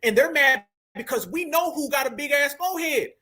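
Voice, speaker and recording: A man's voice: extremely high pitch, lively intonation, a little fast, pushed and bright. A man hosting a casual livestream, reacting to a clip and teasing his audience in a mocking, joking way. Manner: mocking, teasing, addresses chat directly. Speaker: livestream host.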